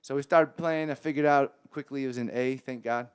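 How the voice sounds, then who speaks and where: A man's voice: medium pitch, fairly quick, clear, resonant tone. A man from Long Beach, California, a musician guest telling a story in a casual interview and acting out the people he quotes. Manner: animated storyteller who acts out the people he quotes.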